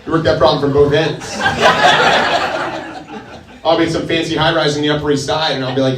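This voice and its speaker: A male stand-up comedian with a hesitant, deadpan delivery full of pauses. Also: fairly high pitch, recorded from a distance, noisy background. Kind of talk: stand-up set. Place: comedy club stage with laughing audience. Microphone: handheld stage mic. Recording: roomy club sound, audience laughter.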